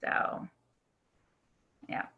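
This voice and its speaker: A woman from Virginia, a guest on a video call interview, speaking haltingly with fillers. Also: phone-quality sound.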